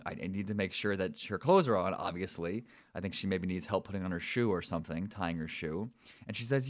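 A man's voice: sits low, normal speed, no echo, studio quality. A young adult man hosting a podcast, telling a personal story in a rambling way with fillers and repeated words. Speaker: podcast host.

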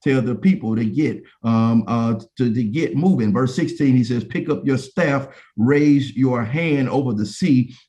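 A man's voice: mid-range voice, measured pace, hardly any pauses, mellow. A man preaching a sermon, building emphatic repetitions into impassioned pleas. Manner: repetitive preaching cadence, rising to an impassioned plea. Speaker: pastor.

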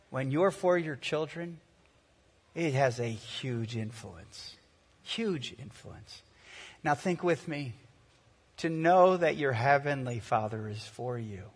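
Reverberant middle-aged pastor preaching. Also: male voice, medium pitch. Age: 40s. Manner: conversational storytelling, slowing to earnest emphasis. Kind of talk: sermon.

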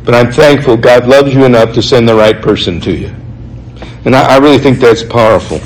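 A man preaching a sermon, reading scripture passages aloud and explaining them in an earnest, conversational way, slowing down to stress key points. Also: mid-range voice, a little hiss or hum, rough recording. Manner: earnest, conversational, slows for emphasis.

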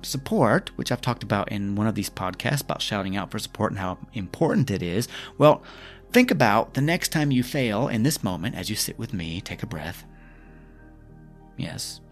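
Podcast host, male, low gravelly voice, gentle coaching delivery with faint music under it. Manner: gentle, coaching, asks the listener questions. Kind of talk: reflective self-help talk. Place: lives in Scotland.

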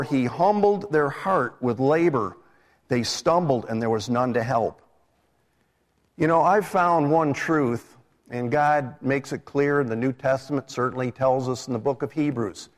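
Middle-aged guy preaching in church, chatty, asks the congregation questions, slightly high voice, long hall echo. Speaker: minister. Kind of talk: live sermon. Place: church sanctuary. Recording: live church recording with long hall reverb.

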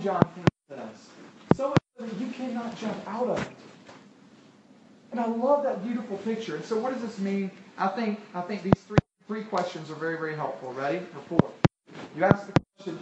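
A man's voice: high-pitched, highs cut off. A man preaching a sermon, talking conversationally and asking the crowd rhetorical questions. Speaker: pastor. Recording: echoey hall, distant mic, loud noise.

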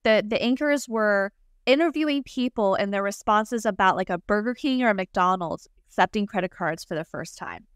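A woman in her forties co-hosting a casual podcast, chatty and telling quick anecdotes. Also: mid-range voice, smooth, no echo, clean studio sound. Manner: chatty, tells quick anecdotes with light laughter. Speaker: podcast co-host. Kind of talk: casual conversational podcast chat.

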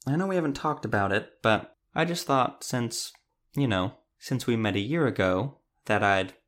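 A man's voice: medium pitch, lively intonation, normal speed, a bit bright, close to an everyday voice. A man narrator voicing a shy, affectionate young woman monster hunter who hesitates and trails off mid-sentence. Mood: tender.

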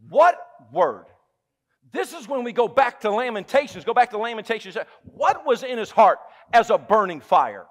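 A man with a Southern US accent preaching a sermon as pastor, emphatic and humorous, dropping from loud exclamations to hushed lines and asking the congregation questions. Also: high-pitched, sing-song, moderate pace. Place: church sanctuary.

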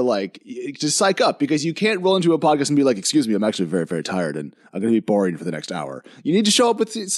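A man appearing as a podcast guest, talking energetically with self-deprecating, quick asides. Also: on the high side. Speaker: guest, tech journalist. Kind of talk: casual podcast chat. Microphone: headphones on, podcast mic.

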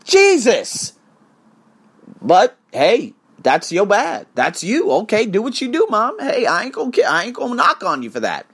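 A husky voice rants straight to camera, pitch leaping up and dropping low as the points land. The talk is profane and emphatic, heated but loose and conversational, like an unscripted vlog. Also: wildly swooping pitch, moderate pace, hardly any pauses, fairly bright tone. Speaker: English teacher in Bangkok. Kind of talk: casual ranting vlog.

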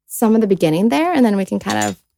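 A woman's voice: medium pitch, sing-song, fast, vocal fry, background noise. Chatty earnest woman podcaster. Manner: chatty and earnest, many "like"s, voices quoted people. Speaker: podcast co-host. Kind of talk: casual faith podcast, reading and reflecting on scripture.

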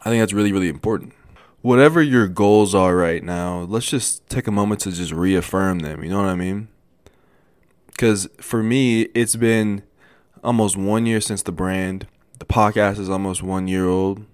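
A young man hosts a solo motivational podcast, talking earnestly yet casually to listeners with frequent restarts and small stutters. His low, smooth voice moves at normal speed, recorded at studio quality with no room sound.

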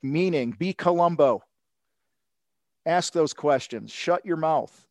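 A man telling a sales story in casual podcast talk, acting out the people he quotes with lively energy. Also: fairly high pitch, slow pace, no room sound. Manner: animated storytelling, acts out quotes. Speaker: sales coach guest.

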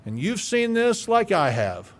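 A pastor preaching a radio sermon, forceful and emphatic, stumbling over repeated words as he builds up. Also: sits high, huge pitch swings, unhurried.

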